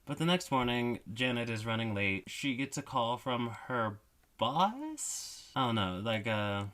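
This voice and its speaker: A man's voice: mid-range voice, big pitch swings, unhurried, fairly bright tone. A man giving a casual movie recap, rambling and correcting himself with wry asides. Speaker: movie reviewer.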